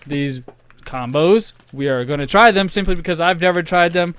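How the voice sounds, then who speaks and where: A man co-hosting a casual podcast, joking and animated. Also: a little high, normal speed, clear, resonant tone, no room sound. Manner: joking, animated, often laughing. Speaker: podcast co-host. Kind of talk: casual chat.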